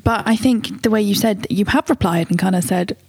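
Woman co-host, husky voice, soft thoughtful casual chat. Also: medium pitch, fairly quick.

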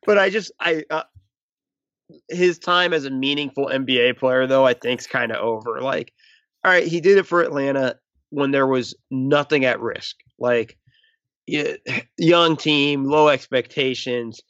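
A man's voice: medium pitch, a little slow, a bit bright, no echo, highs cut off. A man co-hosting a casual sports podcast, rambling and restarting his sentences as he talks. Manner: rambling, restarts often, self-aware about stuttering. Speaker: podcast co-host.

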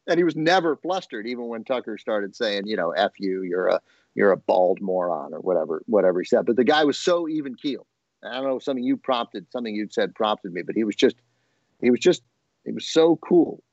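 A man's voice: fairly low pitch, no echo. A middle-aged man co-hosting a podcast, rambling and restarting his sentences in casual chat. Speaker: podcast co-host. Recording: dry, dull lo-fi recording.

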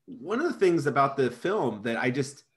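A man's voice: medium pitch, normal speed. A man co-hosting a casual film review chat, incredulous, with frequent restarts. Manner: incredulous, restarts often, lively intonation. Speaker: podcast co-host reviewing a film.

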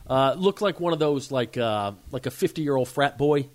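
Animated man telling a story. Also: mid-range voice, moderate pace. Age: 40s. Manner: animated storyteller, acts out shouts. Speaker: podcast co-host. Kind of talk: casual storytelling chat.

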